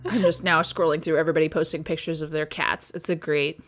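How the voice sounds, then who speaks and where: A woman co-hosting a podcast in casual chat, animated and laughing often as she tells stories. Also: deep voice, fairly quick. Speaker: podcast co-host.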